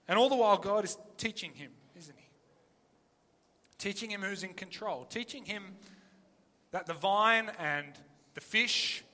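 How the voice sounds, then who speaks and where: A man preaching an animated, emphatic sermon full of rhetorical questions. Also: sits high, in a large hall.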